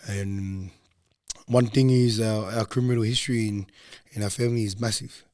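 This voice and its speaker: Young male guest, low voice, rambling casual storyteller, dry close sound. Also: fairly even intonation, normal speed, darkish tone, no room sound. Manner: low-key, loose, rambling with frequent ums. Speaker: podcast guest.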